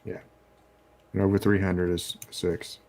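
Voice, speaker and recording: A man co-hosting a casual chat, measured and hesitant as he cites numbers. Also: deep voice, flat delivery, warm tone, slight background noise. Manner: measured, stat-citing, hesitant with fillers. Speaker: podcast co-host.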